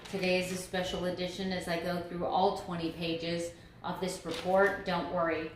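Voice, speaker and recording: A woman's voice: lowish voice, reverberant, slight background noise. A woman talking to camera in a casual daily vlog, earnest and emphatic, stressing her points by repeating phrases. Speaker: vlogger.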